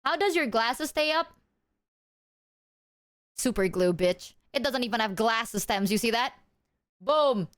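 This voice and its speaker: Woman streamer ranting to chat, swears a lot, kinda high voice, dry close mic. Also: a little slow, pauses often, no echo. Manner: animated, profane storytelling, talks to chat. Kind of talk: casual livestream chat.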